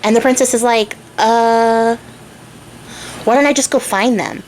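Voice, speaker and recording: A woman's voice: fairly high pitch, steady tone, measured pace, noisy background. A young woman casually retelling a fairy tale while crafting, chatty and irreverent, swearing and loosely voicing the characters. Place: home craft room.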